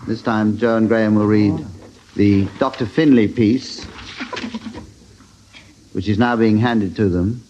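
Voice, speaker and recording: A British man chairing a comedy panel game with dry, quick asides. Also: fairly low pitch, fairly even intonation, mellow. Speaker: quiz chairman. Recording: hissy dull 1970s radio recording.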